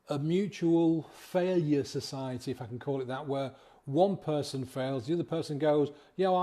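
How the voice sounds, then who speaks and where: A man's voice: on the high side, warm tone. A man, a sobriety coach talking casually to his viewers in a rambling, encouraging way, full of restarts and rhetorical questions. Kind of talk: casual motivational talk.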